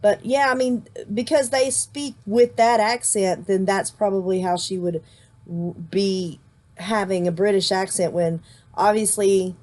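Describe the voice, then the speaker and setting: A woman's voice: mid-range voice, steady tone, measured pace, darkish tone. A woman hosting a casual movie discussion, chatty and long-winded, restarting her sentences often. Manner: chatty, explains at length with frequent restarts. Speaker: host.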